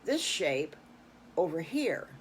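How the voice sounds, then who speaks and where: A friendly little wolf cheers on his friends with bright encouragement, played by an older woman. The voice bounces lively up and down. It is a gentle storybook animal, not a scary one. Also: fairly low pitch, slow, slight background noise. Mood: encouraging.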